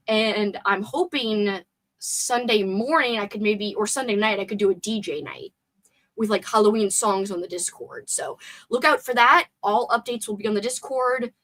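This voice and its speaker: A young woman hangs out on a livestream, chatting loosely and reading her viewers' comments aloud as she goes. Her voice sits a little high, and she keeps a playful, rambling tone. She is talking from a room at home. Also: fairly bright tone. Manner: chatty, playful, reads and answers chat aloud. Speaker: livestream host. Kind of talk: casual live chat with viewers.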